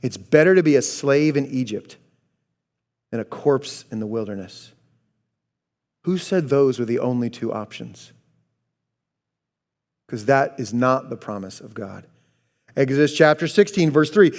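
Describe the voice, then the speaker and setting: A man preaching a sermon as pastor, lively and dramatic, acting out quoted voices and dropping low for emphasis. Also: measured pace, long pauses.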